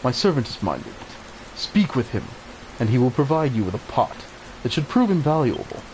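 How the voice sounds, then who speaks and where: A stately old mentor in a video game, read by a man at his ordinary pitch. He speaks formally and measuredly, like someone handing down instructions to a pupil. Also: sing-song, normal speed, a little mellow, slight background noise, close to an everyday voice, rough recording. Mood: solemn.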